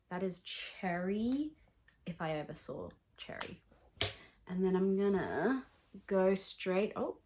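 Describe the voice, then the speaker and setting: Woman beauty vlogger, slightly low voice, blunt and chatty get-ready-with-me delivery. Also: darkish tone.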